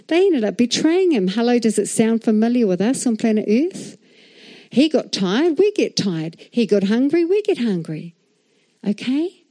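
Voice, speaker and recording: New Zealand woman preaching, mellow voice. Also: a little high. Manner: animated, asks the crowd for replies. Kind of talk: sermon.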